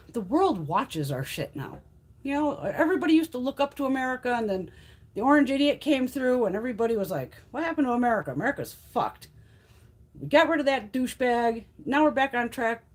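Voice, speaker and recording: A woman in her fifties chatting casually on a live stream, blunt, profane and animated. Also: fairly high pitch. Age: 50s. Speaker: beauty livestream host.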